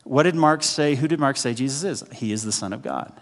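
A man preaching a sermon in a conversational way, often checking in with the congregation with quick asides. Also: medium pitch, expressive. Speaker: pastor. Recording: long hall reverb.

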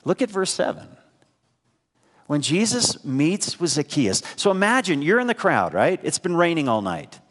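Pastor preaching in a reverberant hall. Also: male voice, fairly high pitch, big pitch swings, normal speed, fairly bright tone. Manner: conversational preaching with rhetorical questions to the congregation. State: congested with a head cold. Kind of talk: sermon. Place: church sanctuary.

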